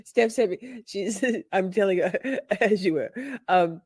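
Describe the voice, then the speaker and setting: A woman's voice: mid-range voice, measured pace, a little mellow, breathy edge, no room sound. Giggly chatty woman, close dry mic. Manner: giggly, chatty, swings from whispers to squeals. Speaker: vlogger reacting to a trial. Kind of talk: casual reaction commentary.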